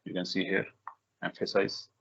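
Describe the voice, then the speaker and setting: A man leading a live software tutorial for a workshop, talking in halting bursts with many fillers, restarts and repeated "okay"s. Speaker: workshop instructor. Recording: dull lo-fi recording.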